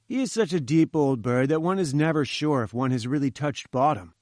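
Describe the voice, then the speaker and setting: A jovial newspaper reporter, as a narrator puts him on, talking briskly and knowingly. The voice is a little high and recorded dry, right up close. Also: male voice, expressive, darkish tone, no echo, natural voice. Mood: confident.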